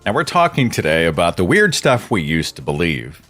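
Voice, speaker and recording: A man's voice: deep voice, huge pitch swings, normal speed, a bit bright, faint music behind. A middle-aged man hosting a podcast monologue, impassioned and exasperated, moving between dry asides and outbursts. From Oklahoma, USA. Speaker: podcast host.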